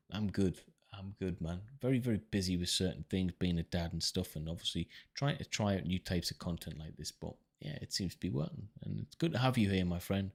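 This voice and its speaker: A deep-voiced man hosts a live stream, reading out viewer comments and answering them. He speaks in a relaxed, chatty way, with plenty of ums and uhs, and calls his viewers brother. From United Kingdom. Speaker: livestream host reading viewer questions.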